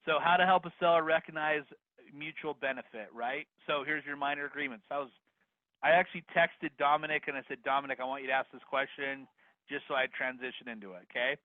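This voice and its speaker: A man's voice: on the high side, a little fast, no room sound. Upbeat man teaching over a video call. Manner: energetic, upbeat, addresses attendees directly. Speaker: real estate investing instructor. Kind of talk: live online course teaching. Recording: dry phone-like video call audio.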